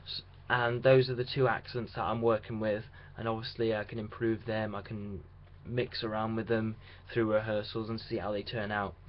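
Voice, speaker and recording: Young guy rambling about rehearsals, kinda monotone, faint hiss behind him. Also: fairly low pitch, moderate pace, few pauses. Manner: chatty, rambling, with restarts. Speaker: radio drama student. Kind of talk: casual video diary. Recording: dull lo-fi sound with faint hiss.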